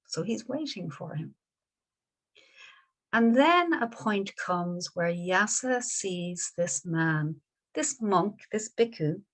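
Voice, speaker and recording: A woman, a Buddhist teacher telling a story in a dharma talk, gentle and unhurried with small restarts. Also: lowish voice.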